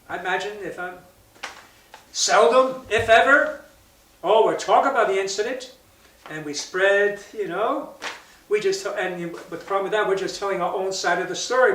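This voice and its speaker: A man's voice: high-pitched, fairly bright tone, a little hiss or hum. A male priest giving a casual daily reflection after reading the gospel, chatty and conversational, full of asides to the listener. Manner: chatty, conversational, with asides like "right?" and "you know". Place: church. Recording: roomy sound from a distance.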